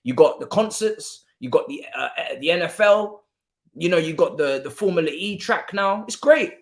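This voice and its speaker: A man ranting through a football watchalong stream. His pitch leaps up and down as he mocks rival fans, loud one moment and muttering the next. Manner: animated, mocking rival fans.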